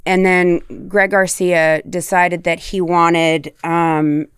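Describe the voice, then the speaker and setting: Smooth-voiced chatty actress, woman. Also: fairly low pitch, level tone, takes it slowly, dry recording, clean studio sound. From Tennessee, US South. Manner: chatty and candid, swears freely, demonstrates accents. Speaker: actress guest. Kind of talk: casual podcast chat.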